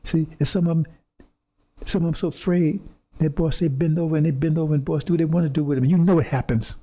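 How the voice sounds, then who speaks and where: Speaking fast in a fairly high, mellow voice with a steady tone, this male preacher confronts his audience in an impassioned monologue. His phrasing is fiery and repetitive, and he stumbles and starts over as he searches for words.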